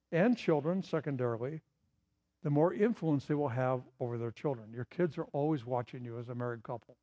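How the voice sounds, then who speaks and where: With a fairly high-pitched but dark-toned voice, a middle-aged preacher delivers his sermon with earnest emphasis, hammering points through repetition.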